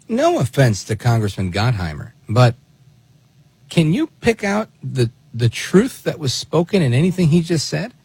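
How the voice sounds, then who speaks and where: A man's voice: fairly high pitch, a little mellow, breathy edge. A man hosting political commentary, who talks in a sarcastic, exasperated way and fires off rhetorical questions. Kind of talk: opinionated commentary on played clips.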